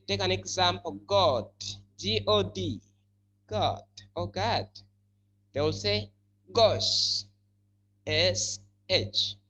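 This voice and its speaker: A male English teacher giving a classroom lesson, explaining slowly and repeating key words for his students. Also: sits high, sharp tone. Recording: slightly muffled with faint hum.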